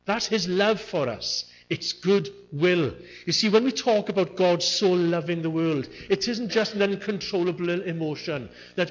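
Earnest preacher, muffled recording. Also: male voice, sits high, unhurried, few pauses. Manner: earnest, repeats key words for emphasis. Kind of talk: sermon.

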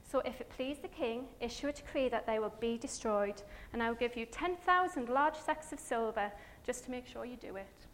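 A woman's voice: a little high, normal speed, few pauses, a bit bright, natural voice. A woman voicing a proud, arrogant male royal official who bursts into indignant rages while she tells a Bible story. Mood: scheming. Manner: indignant, raging outbursts.

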